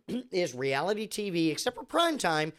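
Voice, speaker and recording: A man in a sarcastic, rambling comedic rant, tripping over restarts as he piles up asides. His voice sits high and swings widely in pitch, which keeps the delivery lively. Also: unhurried.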